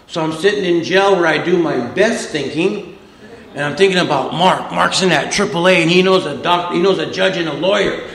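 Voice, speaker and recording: A man's voice: a little high, a bit bright, reverberant, rough recording. A man telling a humorous recovery story to a meeting audience, with a wisecracking, tough-guy delivery. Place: meeting room with a live audience.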